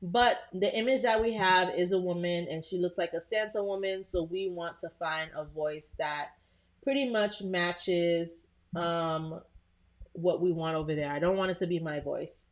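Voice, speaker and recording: Woman, live tutorial host, casual, chatty, lowish voice. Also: fairly even intonation, unhurried. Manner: chatty, addresses viewers as "you guys", frequent "um" and "like".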